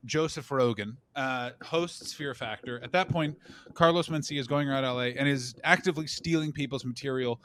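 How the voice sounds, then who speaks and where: A man co-hosting a comedy podcast, telling rambling, animated stories full of swearing and quoted voices. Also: mid-range voice, moderate pace, slight background noise. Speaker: podcast co-host. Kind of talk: casual comedic chat.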